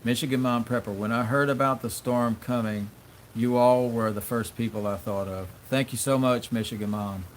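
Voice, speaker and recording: A man at a middle pitch hosts a casual livestream, reading out viewer comments. He rambles with fillers and restarts. Faint background noise sits under his voice. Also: fairly even intonation, moderate pace. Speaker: livestream host.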